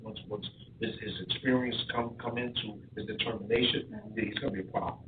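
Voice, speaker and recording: A man's voice: on the low side, fairly even intonation, fast, background noise. A man talking as a boxing coach on a podcast, repeating himself as he tells stories. He sounds far from the mic in an echoey room, with a thin, phone-like tone. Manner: repetitive, storytelling with stutters. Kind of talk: casual podcast chat.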